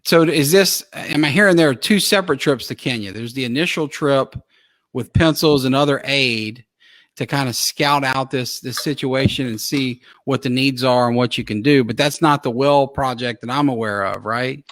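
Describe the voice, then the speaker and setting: A man's voice: medium pitch, moderate pace, fairly bright tone, no echo. A man hosting a small-town live interview show, chatty and friendly, often chiming in with short replies. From Louisiana. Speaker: host.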